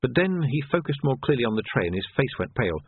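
Man narrating a story with a lively voice. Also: medium pitch, fast talker, slightly rough, no room sound. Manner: expressive, wry storytelling. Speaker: audiobook narrator. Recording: dry, phone-like narrow sound.

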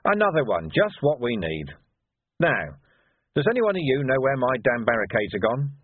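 A man's voice: medium pitch, sing-song, normal speed, breathy edge, no room sound. A man voicing a weary, dry-witted male police sergeant who speaks bluntly and sardonically. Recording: narrow phone-like sound.

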